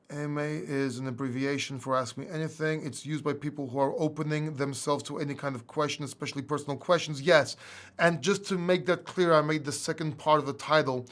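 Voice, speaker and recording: Hosting a laid-back livestream Q&A, this English man with a faint Greek accent reads out viewers' questions and answers them conversationally. His pitch is fairly high and his tone fairly bright.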